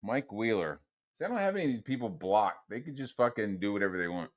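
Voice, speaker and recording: A man's voice: lowish voice, very animated, fast. A young man streaming a solo rant, swearing constantly and mocking his critics in a heated, sarcastic way. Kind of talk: profane rant.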